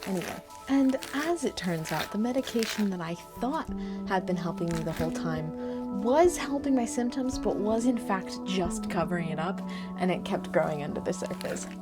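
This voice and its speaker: In a casual at-home vlog, a young American woman dyes her hair and chats to camera with playful sarcasm and a put-on Southern lilt. Her voice is medium-pitched, expressive and moderately paced, with music playing underneath.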